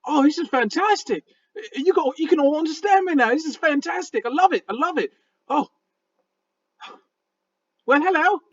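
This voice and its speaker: A squeaky, gravelly little raccoon chatters in a high, bouncing voice with a folksy drawl, as a man puts him on. He is excitable and friendly, and the sound is a bit dull and lo-fi. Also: moderate pace, pauses often, recorded from a distance, full character voice. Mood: delighted. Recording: dull lo-fi audio.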